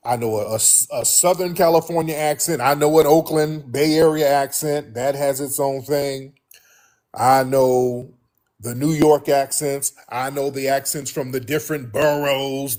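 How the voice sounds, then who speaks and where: An American man hosts a casual commentary for his viewers, talking straight to them. He is emphatic and repeats himself, keeps calling the audience family, and his voice swings up high in pitch. His voice sits at a middle pitch for a man. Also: fairly even intonation, unhurried, darkish tone. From United States. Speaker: host.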